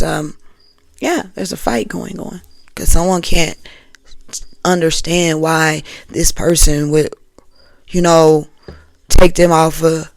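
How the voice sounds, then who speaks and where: A woman's voice: lowish voice, vocal fry, dry recording. A woman giving a casual tarot reading for an online audience, talking loosely and chattily, repeating phrases and checking in with her listeners. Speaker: tarot reader.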